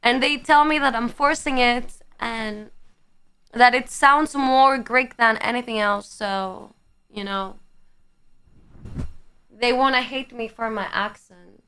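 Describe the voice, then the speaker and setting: Young woman streamer in her twenties, unhurried delivery and a smooth, clear tone; playful and teasing, swears casually. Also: fairly high pitch, steady tone, bright, forceful tone. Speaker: livestreamer. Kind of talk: casual chat reading viewer comments.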